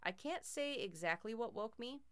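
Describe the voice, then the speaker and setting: A woman's voice: fairly high pitch, expressive, moderate pace, clear, resonant tone. A woman narrating a first-person horror story in a tense, dramatic way.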